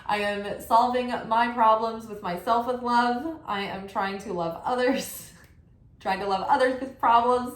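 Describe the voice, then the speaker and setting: A woman giving a casual spiritual tarot reading, animated and chatty, full of affirmations and frequent "like". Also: on the high side, measured pace. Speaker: tarot reader. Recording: roomy echo.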